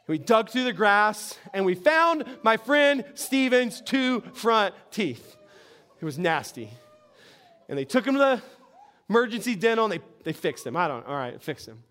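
A preacher man with a high, smooth, resonant voice. He preaches with animated storytelling and slips into the voices of the people in his stories. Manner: animated storytelling, acts out characters. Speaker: pastor. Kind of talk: sermon.

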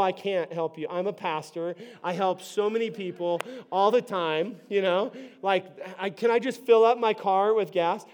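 A man's voice: sits high, clean tone. A man preaching a conversational sermon as a pastor, acting out stories and checking in with the audience. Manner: conversational preaching, acts out stories, frequent "right?" and "okay?".

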